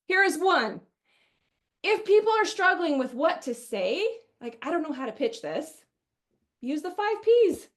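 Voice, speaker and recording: A high-pitched woman from Wisconsin leads a sales training webinar. She talks in a chatty, energetic way and often slips into quoting customers. She sounds middle-aged. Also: a little slow.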